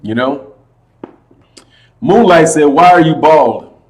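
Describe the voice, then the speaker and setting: A man hosting a casual boxing livestream, talking loudly and with a lot of energy, his voice pitched a bit high for a man. He keeps calling his listeners "man" and "brother" as he reads their chat. A slight echo sits on his computer mic. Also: takes it slowly. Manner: loud, animated, says "man" and "brother" a lot. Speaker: boxing channel host.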